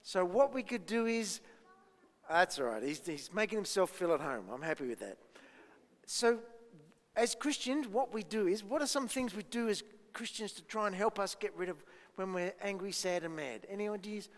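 A man leads a children's talk in church, coaxing the kids with playful questions. His voice sits fairly high for a man. The long echo of a large church hall trails each phrase. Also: lively intonation, normal speed. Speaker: children's minister.

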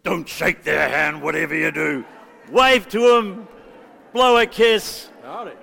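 A man's voice: a little high, steady tone, measured pace, creaky, sharp tone. A man leading a church congregation in song, giving jokey, chatty instructions between hymns. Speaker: worship leader. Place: large church hall. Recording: echoey church hall with faint music.

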